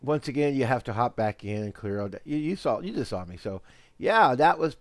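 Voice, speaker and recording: A man's voice: medium pitch, expressive, a little fast, dry recording. Rambling man laughing as he talks. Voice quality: rambling, laughs often, repeats words. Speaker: host. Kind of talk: casual chat.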